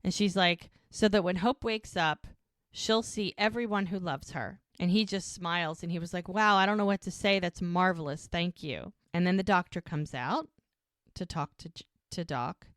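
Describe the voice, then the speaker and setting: Smooth low-voiced woman recapping scenes. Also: moderate pace, no room sound, clean studio sound. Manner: retells scenes, quoting the characters' lines in little voices. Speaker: podcast co-host recapping episodes. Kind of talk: casual recap chat.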